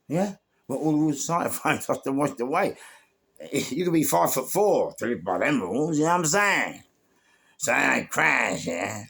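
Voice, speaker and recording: Fairly high-pitched and gravelly, this London-accented voice moves a little fast over slight background noise. The podcast guest rambles casually through door security stories, restarting often and tossing in fillers and lively asides.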